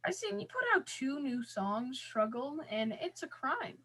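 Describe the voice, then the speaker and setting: Playful, teasing woman host of a casual interview; her voice is a little high and bright. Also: sing-song, a little slow, husky.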